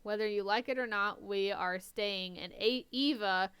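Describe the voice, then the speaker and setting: A calm, stern young male angel speaking level and firm, read out by a woman in her clear voice. The lines come from a casual story reading. The sound is close and dry. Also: medium pitch, unhurried, no room sound, natural voice.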